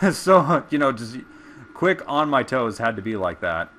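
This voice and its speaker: Young male streamer, mid-pitched voice, very lively delivery, casual and chatty with offhand cursing. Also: unhurried, faint music behind. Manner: animated, chatty, casual swearing. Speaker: gameplay streamer. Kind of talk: casual storytelling while gaming.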